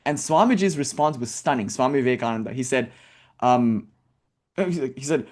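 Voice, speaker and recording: A man giving a spiritual talk in a casual, animated way, with many fillers and sarcastic rhetorical questions. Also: medium pitch, moderate pace. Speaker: spiritual teacher. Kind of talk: impassioned talk.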